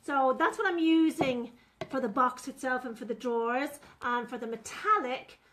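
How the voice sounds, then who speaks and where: A woman's voice: sits high, moderate pace, fairly bright tone. A woman, chatting through a live furniture painting demonstration and talking to viewers as she works. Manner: chatty, talks viewers through each step.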